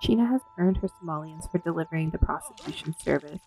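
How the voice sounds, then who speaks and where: A woman commentating casually on her own gameplay, gasping and voicing the characters in quick asides. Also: low-pitched, animated, vocal fry, a little mellow, soft background music, low-quality recording. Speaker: gameplay streamer. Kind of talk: casual let's-play commentary.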